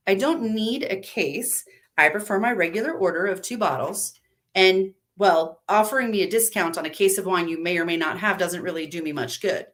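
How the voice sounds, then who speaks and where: A woman acts out a worn-out woman at her breaking point, in a live story reading. Her words come clipped and bitter, pushing louder as her patience runs out. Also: fairly low pitch, moderate pace, close to an everyday voice. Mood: strained politeness. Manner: clipped, bitter, rising to shouting.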